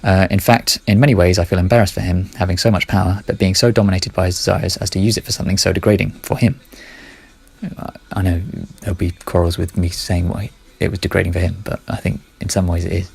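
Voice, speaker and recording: A man's voice: low voice, level tone, fast, vocal fry, darkish tone, breathy edge. A man talking through his ideas in a casual monologue, rambling, correcting himself and muttering asides under his breath.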